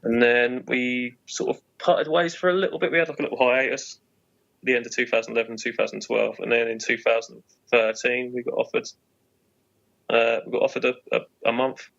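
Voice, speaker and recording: A man's voice: mid-range voice, steady tone, a little fast, creaky, fairly bright tone, dull audio. A man with a Portsmouth English accent, a podcast guest who talks casually and hesitantly, with many fillers and restarts. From England. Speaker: guest musician.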